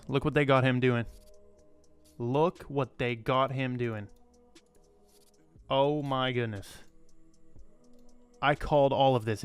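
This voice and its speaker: A man's voice: medium pitch, clear, resonant tone. A man hosting a crypto channel, talking casually and emphatically, rambling and repeating himself, blunt and swearing freely. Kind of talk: casual commentary to camera.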